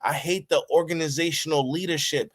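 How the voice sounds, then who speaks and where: A man hosting a sports talk show, ranting emotionally after his team's loss, swearing, and reading out game stats. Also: fairly quick. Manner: heated, swings between low mutters and high shouted outbursts, swears freely; reads stats in a flatter, steadier tone. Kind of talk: emotional post-game fan rant.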